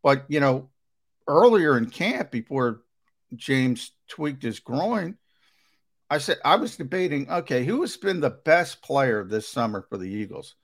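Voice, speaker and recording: A man's voice: mid-range voice, measured pace. A man giving sports analysis on a talk show, starting over often and pressing his points with emphasis. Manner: hesitant restarts, emphatic and animated.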